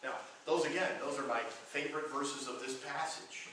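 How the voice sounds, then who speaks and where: Bright-voiced preacher in an echoing hall. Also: male voice, medium pitch, moderate pace, slight background noise. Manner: retells scripture with dramatized quotes. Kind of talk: sermon. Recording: echoey hall from far off.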